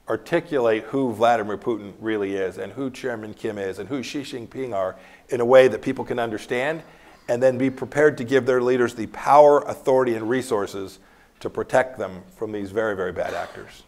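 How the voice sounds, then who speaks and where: A man's voice: medium pitch, a little fast, a little mellow. A man in his fifties, a guest speaker at a university lecture hall, answering questions candidly and telling anecdotes with bursts of laughter. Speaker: former secretary of state, guest speaker. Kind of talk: campus lecture Q&A, storytelling.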